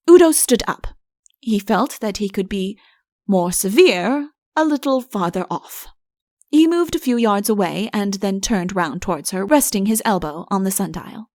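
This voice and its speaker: A woman reading a storybook as an audiobook narrator, in a measured, clear manner. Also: medium pitch, lively intonation, a little mellow, dry recording, clean studio sound.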